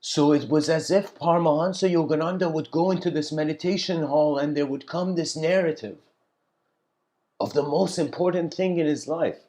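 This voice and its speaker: A man giving a reflective spiritual lecture, telling stories slowly with pauses and letting his voice trail off quietly. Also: on the high side. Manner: unhurried storytelling with pauses.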